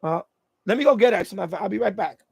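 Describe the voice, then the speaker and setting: A man's voice: sits high, lively intonation, normal speed, creaky, darkish tone, husky, dry recording. A man hosting a casual live stream from home, telling a story in a rambling way with many restarts. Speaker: radio hobby channel host. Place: at home, indoors.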